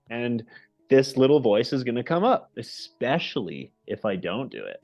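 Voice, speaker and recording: A man hosting a casual group call, energetic and animated, often checking in with "right?", heard over muffled lo-fi call audio. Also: medium pitch, normal speed, soft background music. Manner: energetic and animated, with many restarts and "right?" tags. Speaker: host of the goal call.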